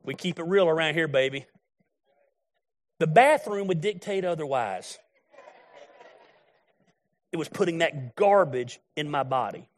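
A man's voice: fairly high pitch, animated, measured pace, long pauses. A middle-aged man preaching a sermon in a blunt, folksy, storytelling way. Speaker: pastor.

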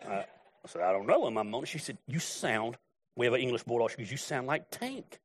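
A man's voice: mid-range voice, animated, fast talker, slightly rough. A middle-aged man preaching a sermon in a blunt, folksy, storytelling way. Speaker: pastor.

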